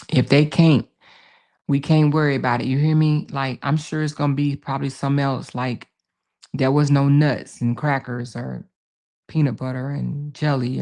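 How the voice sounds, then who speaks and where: This livestream host is a woman whose deep, creaky voice carries a dark tone. Reading and replying to viewer comments in a casual stream, she's emphatic, circles back to repeat her points, and calls her audience "baby" and "honey."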